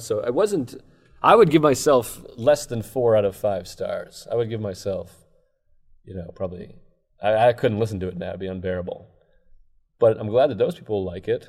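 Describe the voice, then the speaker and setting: A man's voice: medium pitch, a little mellow. A man, a stand-up comedian, chatting casually as a podcast guest and joking about his own work. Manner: self-deprecating, laughs often. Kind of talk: casual chat.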